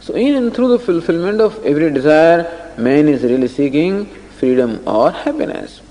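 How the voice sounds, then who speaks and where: A man's voice: fairly high pitch, animated, normal speed, mellow. A man giving a scripture discourse, explaining ideas through stories with acted-out dialogue. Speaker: scripture teacher. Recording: long reverb of a hall.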